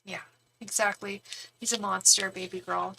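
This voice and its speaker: A woman's voice: mid-range voice, fairly even intonation, normal speed, vocal fry, sharp tone, a little hiss or hum. A woman giving a live-stream tarot reading, talking frankly and chattily, with lots of fillers and some swearing. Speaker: tarot reader and psychic.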